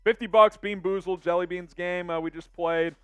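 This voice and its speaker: A man's voice: high voice, little pitch movement, normal speed, clean tone, no room sound, soft background music. A young man hosting a casual sports live stream, reading out viewer comments in an upbeat way.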